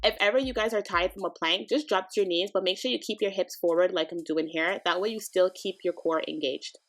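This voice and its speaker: A young woman from Canada, chatting casually to the camera as a fitness vlogger, expressive and given to dramatic complaints. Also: lowish voice, a little fast, no echo. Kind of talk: casual vlog chat.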